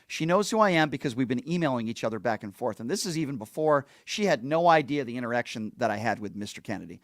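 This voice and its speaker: A man's voice: mid-range voice, lively intonation, quick pace, no room sound, clean studio sound. A middle-aged man hosting a show, recounting a story in a blunt, indignant, casual monologue and acting out the lines he quotes. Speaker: host.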